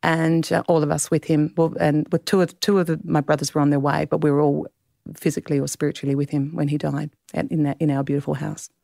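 Australian woman, 50s, author guest; low, gravelly, halting, close dry mic. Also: flat delivery, dark tone, no echo. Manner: halting, emotional, many restarts. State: tearful. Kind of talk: podcast interview.

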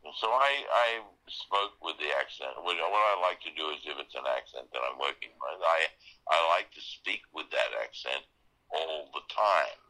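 An older man with an Australian accent, reflecting in an interview in a halting way, full of fillers and restarts. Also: rumbling low, animated, bright, forceful tone, low-quality recording. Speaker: interview guest, actor.

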